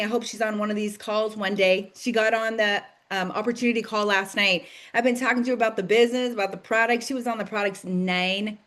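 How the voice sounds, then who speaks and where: A woman in her thirties leading a direct-sales team call, chatty and enthusiastic, full of "like"s and "you guys" and quick laughs. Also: mid-range voice. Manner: bursts of laughter and excited acted-out quotes. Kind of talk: casual motivational team call.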